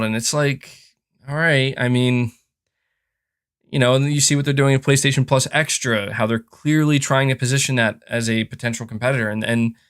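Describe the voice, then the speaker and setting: A man's voice: mid-range voice, fairly bright tone, smooth. A man hosting a podcast, talking in a casual, frustrated rant with lots of fillers and restarts. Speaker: podcast host. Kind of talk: casual opinionated chat.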